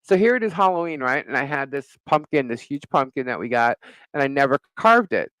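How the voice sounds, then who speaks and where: A man's voice: mid-range voice, fairly quick, clear, resonant tone, no echo, poor audio. A middle-aged man co-hosting a live talk show, telling a neighbor story in casual chat, laughing often and cursing freely. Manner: animated storyteller, frequent laughter, swears. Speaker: podcast co-host.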